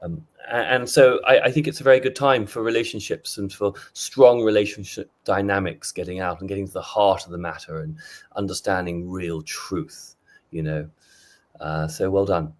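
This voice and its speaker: A man who is a guest on a roundtable podcast. His voice is fairly low. He rambles loosely in casual conversation. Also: fairly even intonation, normal speed. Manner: rambling, talks astrology.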